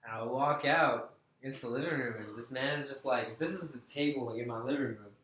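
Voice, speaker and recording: A young man tells a story in an easygoing, slangy way, peppered with swearing and rising excitement. His voice sits at a middle pitch and bounces off the walls of an echoey room. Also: brisk, a little hiss or hum. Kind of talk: casual chat. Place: apartment room.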